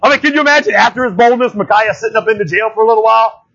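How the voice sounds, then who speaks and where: Male preacher, chatty and animated, high husky voice, kinda lo-fi. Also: rapid-fire. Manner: animated and conversational, keeps asking "right?". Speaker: pastor. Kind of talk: sermon.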